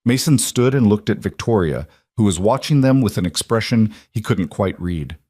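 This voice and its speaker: A man narrating a scripted story in a measured, gentle storytelling manner. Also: on the low side, expressive, husky, no room sound, clean studio sound.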